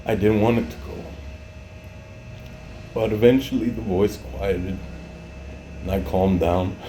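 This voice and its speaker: Slow, deep-voiced man giving a halting testimony. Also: mellow, slight background noise. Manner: halting, with many fillers and restarts; becomes emotional, voice rising. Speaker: former truck driver giving a testimony. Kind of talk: personal testimony, unscripted. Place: home in Mexico.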